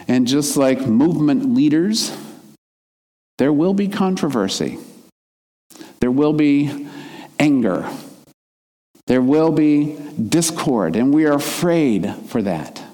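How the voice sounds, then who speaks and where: A man's voice: medium pitch, dark tone, long reverb tail. A man delivering a sermon in an earnest, reflective way, his emphasis rising and falling as he makes his points. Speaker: minister.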